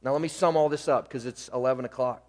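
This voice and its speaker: A man preaching a sermon as pastor, pressing hard on key words and then dropping to quiet asides. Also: mid-range voice, fast. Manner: emphatic, swings between loud stresses and quiet asides. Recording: long hall reverb.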